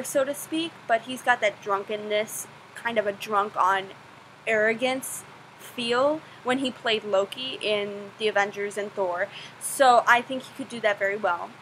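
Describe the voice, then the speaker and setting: A woman's voice: a little high, bright, forceful tone, slight background noise, rough recording. A young woman answering viewer questions in a casual vlog, chatty and self-deprecating, gushing about things she loves.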